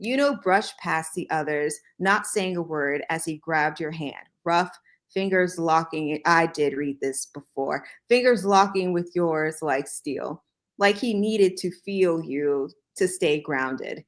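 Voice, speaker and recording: Woman host, lowish voice, unhurried dramatic read-aloud with wry asides. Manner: slow, dramatic reading with joking asides. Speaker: host reading fan fiction aloud. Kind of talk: casual reading aloud with asides.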